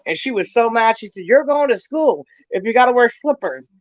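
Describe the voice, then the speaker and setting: A brash, foul-mouthed woman hosts a casual livestream, her voice pitched high. She tells stories with loud laughter over a dry, muffled lo-fi feed. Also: expressive, a little fast, dry recording. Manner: profane, brash storytelling with frequent laughter. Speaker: livestream host.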